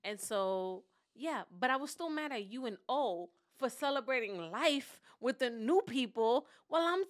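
A woman co-hosting a podcast in casual chat, telling animated stories and laughing often. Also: a little high, unhurried. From New York. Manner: animated storytelling, acting out others, laughs often. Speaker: podcast co-host.

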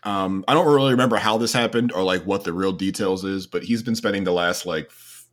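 Deep-voiced man, meandering chat. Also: fairly quick. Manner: meandering, hesitant with many ums. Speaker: podcast co-host. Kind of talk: casual podcast chat.

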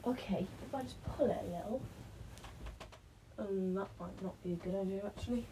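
A woman's voice: mid-range voice, normal speed, long pauses, dark tone, slight background noise, low-quality recording. A woman vlogging in casual self-talk, out of breath and self-mocking, often dropping to a whisper. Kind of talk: casual self-talk while building a blanket fort.

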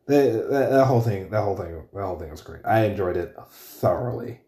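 A man's voice: on the low side, lively intonation, brisk, mellow. Rambling, profane young man. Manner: rambling, profane, self-correcting. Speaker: podcast host. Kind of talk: casual solo monologue. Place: room at home. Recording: roomy echoey room.

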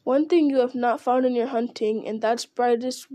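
A woman's voice: on the high side, steady tone, normal speed, mellow, dry recording, natural voice. Pippin, a cheeky lazy hobbit, read by a woman. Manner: cheeky, offhand. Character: lazy, witty young male hobbit.

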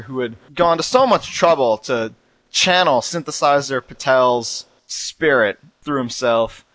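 A man's voice: medium pitch, no echo. Joking male podcast host, dry sound. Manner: joking, laughs often, animated. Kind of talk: casual chat.

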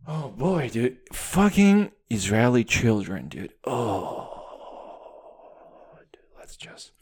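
Male podcaster, sweary comic rant, voice swings up and down a lot. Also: mid-range voice. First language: Russian. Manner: profane, animated ranting with constant "dude". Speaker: podcast host.

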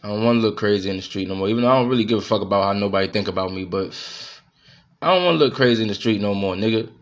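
A man's voice: fairly low pitch, racing. A man, hosting a podcast and venting in a heated, profane monologue, repeating himself as he goes. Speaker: podcast host.

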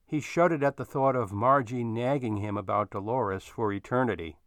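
A man narrating a story in an expressive storytelling manner. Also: medium pitch, normal speed, no room sound, studio quality.

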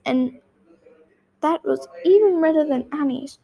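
A woman's voice: high-pitched, slow pace, vocal fry, darkish tone, low-quality recording. A woman reading a storybook aloud, with small slips and restarts.

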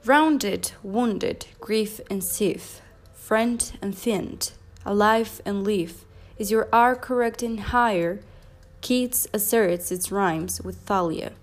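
A woman reciting a long pronunciation poem slowly, one word at a time, as a teacher would. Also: medium pitch, faint music behind. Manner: slow, deliberate word-by-word recitation.

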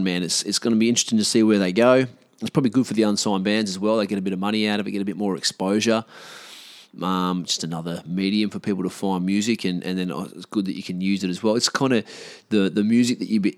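Low-ish guy rambling on in a chill vlog, slangy, dry close sound. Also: no room sound. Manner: rambling and loose, many fillers and restarts, slangy. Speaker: vlogger. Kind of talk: casual rambling vlog chat.

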